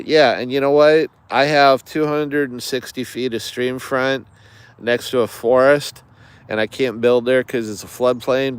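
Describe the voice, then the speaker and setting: An American man hosting an outdoors channel livestreams from the woods, rambling chattily and digressing with lots of fillers while greeting viewers. His mid-range voice is smooth, with no room sound.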